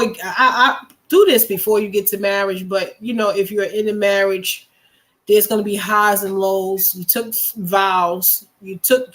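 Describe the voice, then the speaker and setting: A woman speaks as a guest on a casual talk show. She chimes in often to agree and then shares her own view in a relaxed conversational way. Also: medium pitch. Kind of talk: casual chat.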